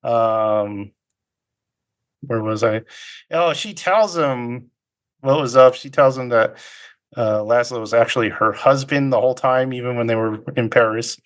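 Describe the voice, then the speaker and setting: Rambling man retelling a movie plot. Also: medium pitch. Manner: rambling, halting, with fillers and quick mock quotes of characters. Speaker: podcast host. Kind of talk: casual movie plot recap.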